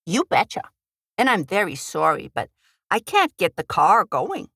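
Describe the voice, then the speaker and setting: A woman's voice: fairly low pitch, wildly swooping pitch, measured pace, a bit bright, no room sound, clean studio sound, full character voice. A woman voicing a heroine who puts on a folksy Minnesota accent and plays a chatty, innocent cat lady. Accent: put-on Minnesota. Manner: chirpy, folksy, playing innocent.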